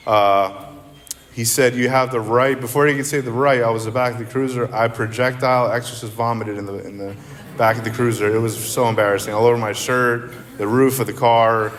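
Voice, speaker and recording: A man's voice: medium pitch, a bit bright, slight background noise. Male speaker at a recovery meeting, middle voice, candid and rambling, with long reverb from the meeting hall. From central New Jersey. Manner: rambling, candid, self-deprecating. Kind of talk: personal recovery talk.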